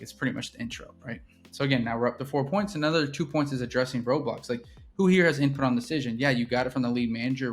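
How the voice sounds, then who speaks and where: A man teaches his sales team's process in a casual, energetic walkthrough. He talks quickly and keeps checking in with the listener. Soft music plays faintly behind him. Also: mid-range voice. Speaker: real estate business owner teaching sales.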